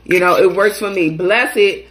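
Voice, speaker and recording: A woman's voice: mid-range voice, normal speed. A young woman, chatting casually as she eats for a live mukbang audience. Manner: chatty, talking while eating, playful and animated. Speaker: mukbang host.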